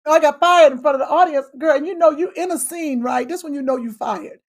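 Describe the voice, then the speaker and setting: A woman co-hosting a comedy talk show, loud and teasing in playful banter. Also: sits high, quick pace. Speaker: podcast co-host.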